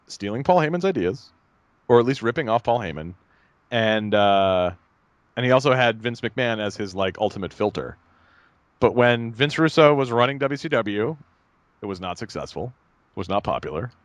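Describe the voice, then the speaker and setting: Man, podcast co-host, rambling and animated, dry close sound, mid pitch. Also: normal speed, no room sound. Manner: rambling, animated, lots of fillers and mock voices. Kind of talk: casual chat.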